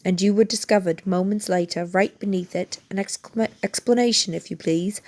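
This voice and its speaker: A woman's voice: medium pitch, fairly even intonation, normal speed, darkish tone, close to an everyday voice. A woman doing a stern, barking wizard official. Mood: stern accusing. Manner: barking, accusing. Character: stern, bullying middle-aged male wizard official.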